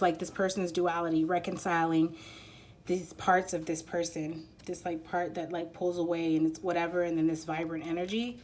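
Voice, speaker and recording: A woman's voice: fairly low pitch, a little mellow, slight background noise. A woman giving a casual spiritual card reading to viewers, talking in a rambling, hesitant way full of fillers and restarts. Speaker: tarot and oracle card reader.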